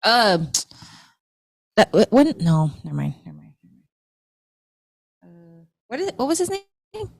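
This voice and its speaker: A woman co-hosting a comedy podcast, chatting casually and pausing to hunt for words. Her voice sits at a middle pitch for a woman, recorded dry with no room sound. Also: huge pitch swings, gravelly, dry recording. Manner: casual, searching for words, hesitant. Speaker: podcast co-host.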